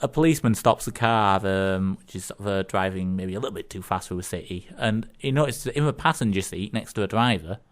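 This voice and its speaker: A man's voice: on the low side, brisk, few pauses. Rambling English man telling jokes. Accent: Northern English. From England. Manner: rambling, hesitant, full of fillers. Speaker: radio co-host. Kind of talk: casual radio chat telling jokes. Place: community radio studio.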